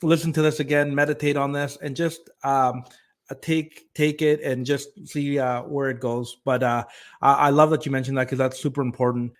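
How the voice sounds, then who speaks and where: A man's voice: medium pitch, level tone, moderate pace. A man hosting a podcast, affirming his guest and casually asking questions. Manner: affirming, lots of hums. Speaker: podcast host.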